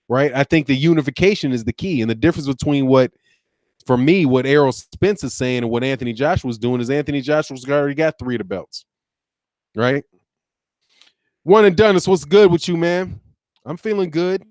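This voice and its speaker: A man's voice: mid-range voice, a little mellow, clean tone, dry recording, studio quality. A man hosting a casual boxing talk stream, rambling conversationally, restarting sentences and reading out viewer comments. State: sleepy, yawning. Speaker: boxing channel host.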